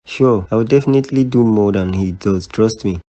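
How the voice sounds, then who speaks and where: A man's voice: lowish voice, fairly quick, warm tone, highs cut off, natural voice. A man voicing a cocky Nigerian cartoon son. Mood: boastful. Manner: teasing, boastful, playful. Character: boastful cheeky young son, ambitious. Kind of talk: cartoon voice acting.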